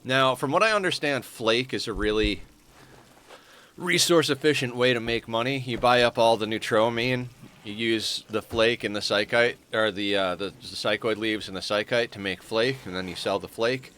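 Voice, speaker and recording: A man's voice: medium pitch, moderate pace, fairly bright tone. A man casually commenting on his game as he plays, stuffed up with a morning voice and rambling with fillers as he thinks aloud. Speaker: streamer playing a colony sim.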